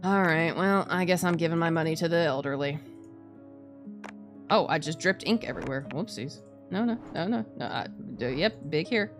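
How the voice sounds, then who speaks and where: A woman's voice: deep voice, moderate pace, over music. A woman streamer chatting casually while playing a game, restarting her sentences and laughing often. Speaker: VTuber streamer. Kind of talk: casual gaming commentary.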